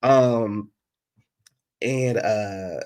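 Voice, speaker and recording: A man giving a casual recap of a reality TV episode. He is sassy and animated, jumping between loud outbursts and muttered asides. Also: on the low side, drawn-out words, smooth.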